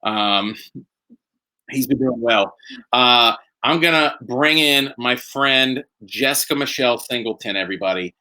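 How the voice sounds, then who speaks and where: A man hosting a casual live stream from home, rambling and excitable as he chats and drinks. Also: mid-range voice, unhurried. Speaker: host. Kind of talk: casual livestream chat.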